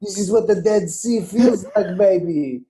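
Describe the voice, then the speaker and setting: A man's voice: sits high, measured pace, crowd noise. Man doing a pushy mall kiosk salesman. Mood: coaxing. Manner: wheedling, coaxing sales patter.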